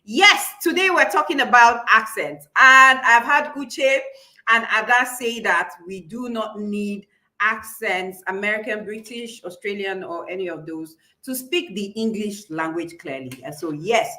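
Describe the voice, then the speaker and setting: Bright Nigerian woman teaching online. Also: mid-range voice, a little slow. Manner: encouraging, reads out chat comments, repeats key points. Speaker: public speaking coach. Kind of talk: live online class.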